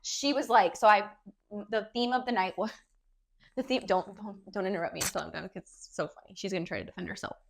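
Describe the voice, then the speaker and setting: A woman's voice: medium pitch, steady tone, brisk, creaky, a little hiss or hum. A young woman co-hosting a podcast, teasing her friend and telling stories in casual chat, swearing freely. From Japan. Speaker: podcast co-host.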